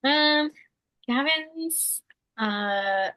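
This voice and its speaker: A young woman co-hosting a podcast, chatting in a relaxed way with lots of fillers and some laughs. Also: high-pitched, very slow. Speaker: podcast co-host, mother of two. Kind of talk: casual chat.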